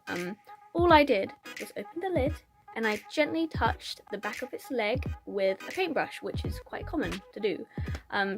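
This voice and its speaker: Brit girl in her 20s venting at her phone cam, swears a lot, laughs a bunch, bit high pitched. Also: a bit bright. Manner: blunt, sweary, laughs often. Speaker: vlogger. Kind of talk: casual rant to camera.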